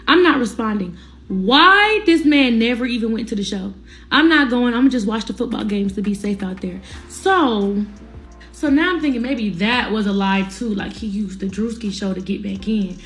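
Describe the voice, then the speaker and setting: A woman's voice: fairly high pitch, lively intonation, normal speed, a bit bright, faint music behind. A young woman telling a personal story in casual, slangy talk, speaking straight to her viewers. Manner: candid, slangy, addresses viewers directly.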